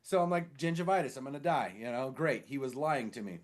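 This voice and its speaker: A married man co-hosting a casual podcast, telling a rambling story full of swearing and quick impressions of other people. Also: mid-range voice. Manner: rambling, animated, swears freely; mimics others with shifted voices in stories. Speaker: podcast co-host.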